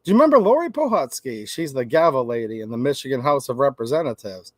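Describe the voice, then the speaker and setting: A man's voice: mid-range voice, big pitch swings, fast, dry recording. A man hosting a channel, ranting brashly in casual livestream commentary to his chat. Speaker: host.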